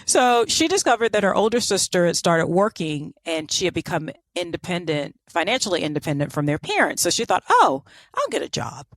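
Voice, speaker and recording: Low-voiced chatty woman telling a story. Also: animated, brisk, hardly any pauses, dry recording, studio quality. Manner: chatty, sarcastic asides, many fillers. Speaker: podcast co-host. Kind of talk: casual storytelling chat.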